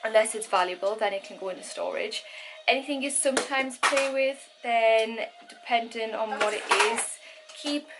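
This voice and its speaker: Woman, 30s, vlogger explaining home tidying, fairly high voice, noise in the background. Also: moderate pace. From England. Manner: chatty, explaining a tidying method step by step. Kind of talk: casual home vlog. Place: child's bedroom at home.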